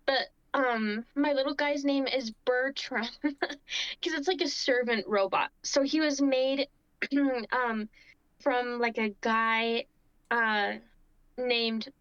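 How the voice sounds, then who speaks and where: A woman's voice: high voice, a bit bright, no echo. A woman playing a tabletop game, giggling and rambling as she describes her character, on a dull lo-fi recording. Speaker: player. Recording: dull lo-fi sound.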